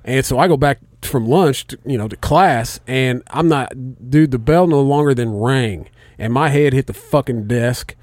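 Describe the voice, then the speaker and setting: A man's voice: mid-range voice, normal speed, few pauses, a little mellow, dry recording. A man casually telling a rambling, profane story on a podcast, laughing often. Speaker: podcast co-host.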